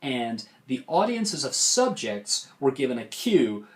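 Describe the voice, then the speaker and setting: Middle-aged male lecturer, public speaking instructor, animated and demonstrative, talking straight to camera. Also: medium pitch, normal speed. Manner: animated, demonstrates big vocal range and gestures.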